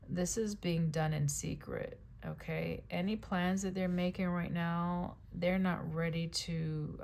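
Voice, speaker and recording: A woman's voice: low-pitched, gravelly, a little mellow, a little hiss or hum. A woman giving a casual tarot reading. She talks in a chatty way, repeats phrases, and keeps checking in with "right?" and "okay?". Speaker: tarot reader.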